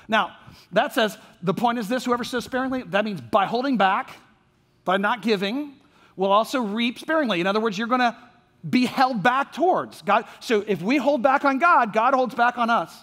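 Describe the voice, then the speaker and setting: A man's voice: high-pitched, animated, brisk, fairly bright tone, in a large hall. A man from Orlando preaching a sermon as a pastor, talking conversationally with fillers and frequent "right?" check-ins. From Orlando, Florida, USA. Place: church sanctuary.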